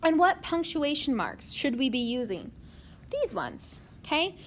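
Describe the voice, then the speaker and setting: High-voiced woman teaching a writing lesson. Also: sing-song, unhurried, a little hiss or hum. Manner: explains step by step, often adds okay.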